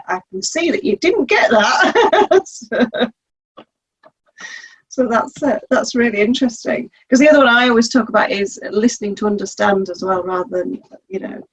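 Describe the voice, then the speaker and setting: Yorkshire woman, fast and chatty, slightly husky voice, mid pitch. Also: poor audio. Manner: quick-talking, laughs often, warm back-channel replies.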